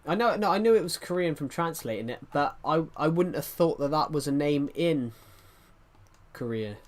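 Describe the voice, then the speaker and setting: A man's voice: fairly high pitch, lively intonation, normal speed. A man chatting casually on a live stream, rambling and often restarting his sentences as he answers chat. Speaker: livestreamer reading chat.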